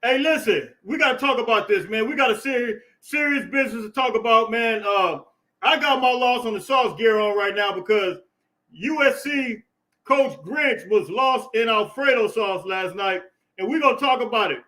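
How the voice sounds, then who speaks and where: American man, high voice, bright, podcast host, hyped, loud greetings, casual chat. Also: moderate pace, low-quality recording. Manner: hyped, shouting greetings and laughing.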